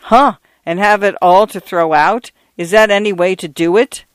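A man voicing an older, sharp-tongued female housekeeper who complains bluntly, in a read-aloud story. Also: sits high, fairly even intonation, moderate pace, clear, resonant tone, dry recording, pitched above the performer's own voice, close to an everyday voice. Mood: grumbling. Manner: grumbling, blunt.

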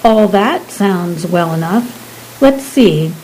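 A woman's voice: medium pitch, expressive, slow pace, darkish tone, slight background noise, poor audio. A woman voicing a stern, suspicious Elizabethan man, an astrologer-conjurer who speaks in archaic, commanding phrases.

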